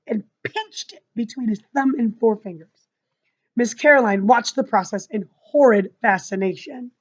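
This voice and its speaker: A woman's voice: fairly high pitch, a little mellow. A woman reading a novel aloud expressively, adding chatty asides to her listeners. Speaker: reader. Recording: dull lo-fi recording.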